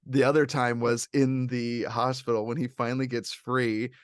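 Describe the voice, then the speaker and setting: A man hosting a casual film review chat, talking in an animated, rambling way with lots of fillers. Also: medium pitch, moderate pace, clean tone, no room sound, studio quality. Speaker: podcast host reviewing films.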